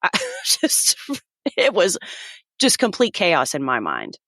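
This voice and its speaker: A woman's voice: lowish voice, wildly swooping pitch, takes it slowly, pushed and bright, no echo, studio quality. A woman in her thirties, a podcast guest, vividly telling a personal story and acting out the voices of the people in it.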